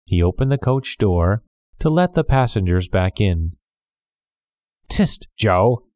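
A man reading a classic novel aloud as scripted storybook narration, measured and clear. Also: low-pitched, animated, mellow, no echo. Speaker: audiobook narrator.

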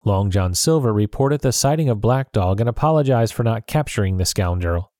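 A man narrating a story in a measured, steady reading. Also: fairly low pitch, dry recording, studio quality.

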